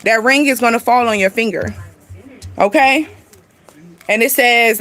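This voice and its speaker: Chatty high-voiced woman giving a reading. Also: unhurried, long pauses. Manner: chatty and animated, laughs often, talks straight to viewers; informal slangy speech with y'all and ain't. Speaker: spiritual reader and channel host. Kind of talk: casual spiritual reading to camera.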